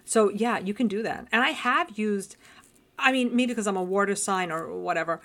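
A woman co-hosting a casual chat, telling a story in a relaxed, soft-spoken way. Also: medium pitch, normal speed.

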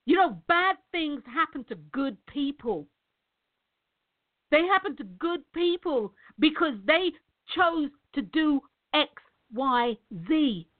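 Emphatic middle-aged woman, motivational speaker, high voice, repetitive, tinny phone-quality audio. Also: lively intonation, slow pace. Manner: emphatic, repeats words, addresses viewers as guys. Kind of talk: direct-to-camera motivational talk.

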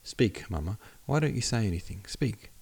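A man's voice: on the low side, expressive, normal speed, a little mellow, breathy edge. A man reading a playful, teasing teenage girl. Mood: eager, teasing. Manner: eager, teasing questions. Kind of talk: audiobook character reading.

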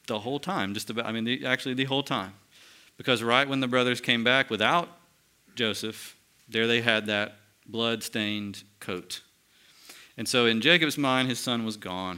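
Bright, clear-voiced man teaching a Bible study. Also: medium pitch. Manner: asks the group questions and affirms answers; conversational with restarts.

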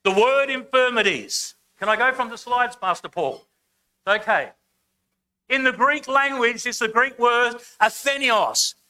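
Slow, bright-voiced preacher leading a sermon. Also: male voice, very high voice, smooth. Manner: slow, emphatic preaching, leading the congregation to repeat words. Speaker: guest preacher. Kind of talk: sermon with congregation call-and-response. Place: church service, speaking over slides.

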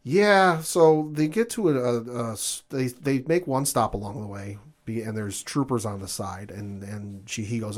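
A man co-hosting a casual podcast chat, retelling a TV episode with lively acted-out lines. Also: mid-range voice. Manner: animated, acts out characters' lines in quick voices. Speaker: podcast co-host.

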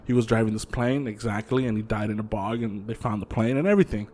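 A man co-hosting a podcast, telling ghost stories in a loose, swearing, animated way and acting out the voices of the people in them. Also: on the low side, fast talker. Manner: profane, animated storyteller who acts out quotes. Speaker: podcast co-host. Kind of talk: casual chat, storytelling.

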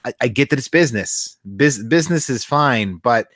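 A man co-hosting a podcast talks casually and indignantly, swearing and restarting his sentences often. His medium-pitched voice is fairly bright, with lively intonation and a moderate pace, recorded in studio quality with no room sound.

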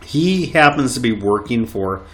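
Animated man telling local history. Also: medium pitch, measured pace. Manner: animated, laughs often. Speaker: local history podcast co-host. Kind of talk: casual conversational storytelling.

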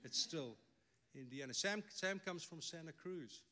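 Here a middle-aged pastor from South Africa, Afrikaans by birth, delivers a sermon in a voice on the high side. He speaks at a measured pace, bright, forceful and expressive, mixing emphatic points with wry asides.

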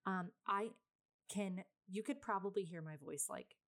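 A woman's voice: mid-range voice, unhurried. A woman in her thirties, a mother, telling a personal story in a chatty, rambling way with lots of fillers. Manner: self-described very loud person. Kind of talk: casual vlog storytelling.

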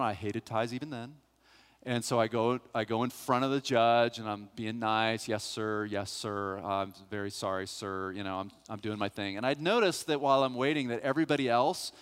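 Animated storyteller pastor, man, hall reverb. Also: medium pitch, clean tone. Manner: animated storyteller, acts out voices. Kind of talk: sermon with personal story.

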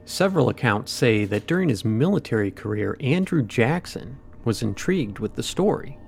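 A man's voice: mid-range voice, big pitch swings, moderate pace, vocal fry, faint music behind. A man co-hosting a podcast, retelling a ghost story in a loose, rambling way with asides and fillers. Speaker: podcast co-host.

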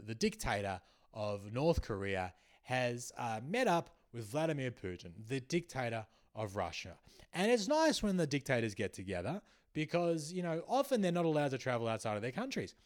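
A man hosting a comedy show, delivering a rambling, sarcastic monologue with many restarts. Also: medium pitch. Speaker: comedian host.

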